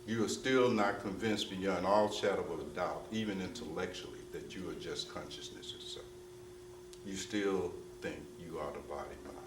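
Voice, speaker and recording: Before an assembled crowd, a spiritual teacher delivers a discourse in a low voice with fairly even intonation and normal speed. He repeats himself with emphasis, keeps asking "you see?", and slips into street slang. The background is noisy, picked up by a roomy, distant microphone with a faint ambient wash.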